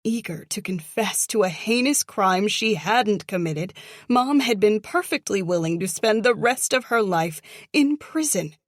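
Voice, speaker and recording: A woman narrating a thriller audiobook in a slow, measured, somber manner, close to the mic. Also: medium pitch, no echo. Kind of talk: scripted narration.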